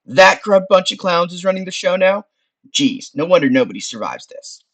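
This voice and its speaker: A man voicing a brash, chummy floating skull, an ancient male spirit who calls the hero boss, in a lively voice. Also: high voice, moderate pace, voice pushed up, exaggerated voice.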